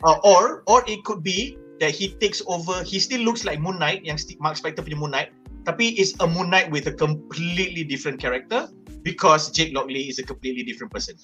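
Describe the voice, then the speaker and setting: This is a Malaysian man giving his take on a panel, with an animated, emphatic delivery. His voice is bright and sits a little higher than most men's. Faint music plays behind him. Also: fairly quick. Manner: code-switching, animated and emphatic. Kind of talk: casual panel discussion.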